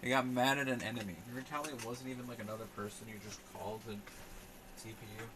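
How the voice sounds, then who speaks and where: A man's voice: mid-range voice, fairly even intonation, fast talker, noisy background. A young man rambling sarcastically on a casual live stream while he talks back to his chat.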